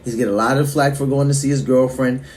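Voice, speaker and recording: A man's voice: mid-range voice, fairly even intonation, fast talker, darkish tone, slight background noise. A man hosting a reaction stream, casually explaining background to his viewers. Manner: laid-back, explaining to viewers.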